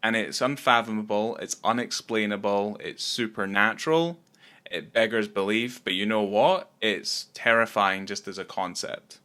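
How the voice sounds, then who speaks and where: A man's voice: fairly low pitch, moderate pace, pushed and bright. A man co-hosting a podcast, talking casually and rambling about a film, swearing often. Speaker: podcast co-host.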